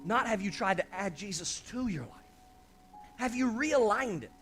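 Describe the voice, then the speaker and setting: A male pastor delivers an impassioned sermon in a high, bright voice. He keeps calling out to the congregation for a response. Soft music plays underneath. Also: expressive, moderate pace, slightly rough.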